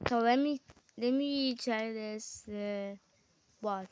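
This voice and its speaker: In a casual gaming chat, a high-voiced woman bickers and exclaims with her sibling as they play. Her speech stays slow and drawn out even in excited moments, and a little hiss or hum sits in the recording.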